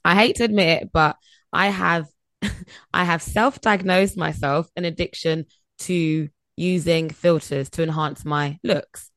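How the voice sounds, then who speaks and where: A woman in her late twenties chats and giggles as a podcast co-host, her voice sitting a touch low with a gravelly, creaky edge. She sounds close and dry, with no room around her. The call sounds remote. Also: steady tone, a little slow, fairly bright tone, no echo. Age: late 20s. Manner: giggly, reads listener messages aloud. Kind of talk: casual chat.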